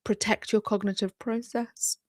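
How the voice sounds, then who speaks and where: A woman, hosting an advice vlog in a chatty, emphatic way with hushed asides. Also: mid-range voice, flat delivery, normal speed, no echo, clean studio sound. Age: 40s. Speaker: creator coach and channel host. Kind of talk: direct-to-camera advice vlog.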